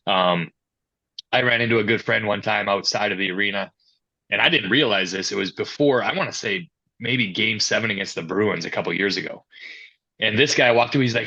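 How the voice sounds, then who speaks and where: A man's voice: fairly low pitch, a little fast, creaky, breathy edge. A man being interviewed as a youth and amateur hockey coordinator, talking through his answers and acting out quoted exchanges as he tells stories. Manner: storytelling, quoting others in animated asides. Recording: dull lo-fi sound.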